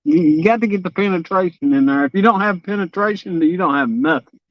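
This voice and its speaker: A man's voice: high voice, fast talker, dry recording. A man fishing from a boat and bantering on a livestream, joking and teasing. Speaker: fishing partner on stream. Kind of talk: casual banter. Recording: dull muffled audio.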